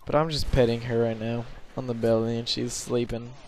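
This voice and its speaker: A young man giving rambling, self-conscious gameplay commentary from his bed late at night, filling pauses with lots of ums. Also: mid-range voice, little pitch movement, darkish tone, slight background noise.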